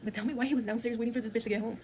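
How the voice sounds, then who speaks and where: A woman's voice: a little high, steady tone, rapid-fire, dark tone, a little hiss or hum. A woman, telling a dramatic personal story in a blunt, heavily cursing manner. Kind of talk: casual storytime monologue.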